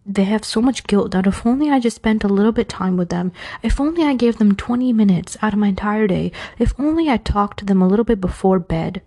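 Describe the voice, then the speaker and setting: A woman's voice: mid-range voice, dark tone. A woman from New York with a New York accent, giving casual, frank Islamic advice and wandering into self-aware, joking asides. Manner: chatty, frank, digresses with self-aware humor. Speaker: advice speaker.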